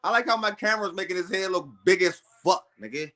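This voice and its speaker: A man's voice: high voice, fast talker, a bit bright. A man giving profane, mocking boxing commentary to his live stream, laughing and repeating himself. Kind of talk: trash-talking boxing commentary.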